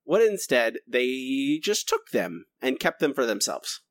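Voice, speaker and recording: A man's voice: mid-range voice, sing-song, a little slow, no room sound. A man co-hosting a podcast in casual chat, playful and teasing toward his co-host.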